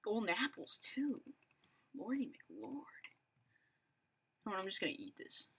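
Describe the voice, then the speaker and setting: A woman giving excitable, rambling, self-mocking commentary while playing a video game. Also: medium pitch, unhurried, a little hiss or hum. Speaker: gaming channel host. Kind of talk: live gameplay commentary.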